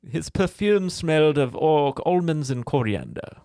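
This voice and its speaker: A man's voice: expressive, a little slow, warm tone, no echo, studio quality. A man voicing a creepy, pompous clergyman with a put-on stagey accent. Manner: high, affected and drawn out.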